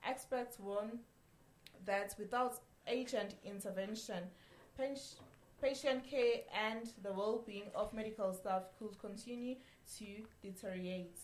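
A woman news anchor reading a radio news bulletin in a measured way, with a few slips and restarts. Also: mid-range voice, fairly even intonation, darkish tone, roomy sound. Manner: measured newsreader delivery with occasional slips and restarts.

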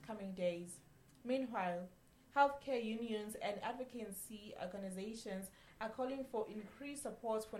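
A woman news anchor reading a radio news bulletin in a measured way, with a few slips and restarts. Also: on the high side, darkish tone, echoey room, slight background noise. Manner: measured newsreader delivery with occasional slips and restarts.

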